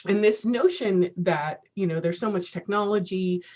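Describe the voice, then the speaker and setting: A woman's voice: medium pitch, moderate pace, a little mellow. Woman, 50s, casual conference speaker on a video call; chatty, self-mocking, laughs easily. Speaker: keynote speaker.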